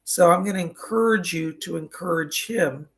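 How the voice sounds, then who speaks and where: A man working as a psychic medium, giving live readings online and passing on messages. He often breaks off with "hold on" and sometimes coughs or clears his throat between readings. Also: sits high, normal speed.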